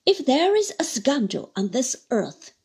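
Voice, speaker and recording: A woman reading aloud voices a pompous male clerk who bursts out with slow, emphatic vehemence against his employer. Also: high voice, very animated, a little mellow, slightly rough, exaggerated voice. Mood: vehement.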